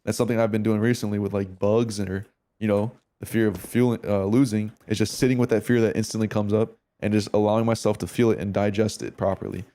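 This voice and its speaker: A fast talker with a warm, low-pitched voice that hardly changes pitch, this man streams a game while going over a match replay. His casual chat with viewers is slangy and laced with swearing as he thinks aloud.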